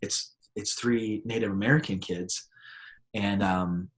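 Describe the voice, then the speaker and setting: A man, a pastor, telling personal stories in a relaxed conversational way and acting out the people in them. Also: fairly low pitch, measured pace. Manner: animated storyteller, acts out voices in his anecdotes. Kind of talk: conversational storytelling.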